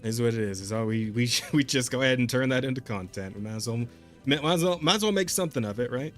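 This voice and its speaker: A man's voice: mid-range voice, fast talker, faint music behind. A man hosting a podcast in casual chat, laid-back, laughing often and repeating words. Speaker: podcast host.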